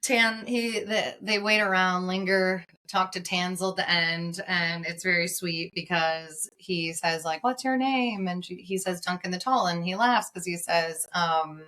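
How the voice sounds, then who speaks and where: A woman co-hosting a podcast, casually and animatedly recapping a TV episode with lots of fillers. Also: fairly low pitch. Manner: animated, quick retellings of scenes with lots of fillers. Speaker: podcast co-host.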